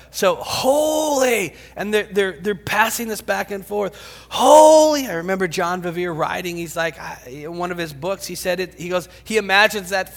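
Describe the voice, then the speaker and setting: A high-pitched man delivers a sermon, swinging dramatically between shouts and hushed whispers. His voice rings with a long reverb in a large church hall. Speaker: pastor.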